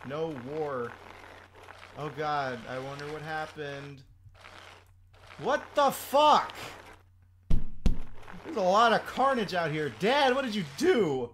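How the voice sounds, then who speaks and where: A young man giving excitable, laugh-filled commentary while playing a video game, swearing freely. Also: on the high side, slow pace, pauses often. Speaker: gameplay commentator. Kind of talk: let's play commentary. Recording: noisy home recording.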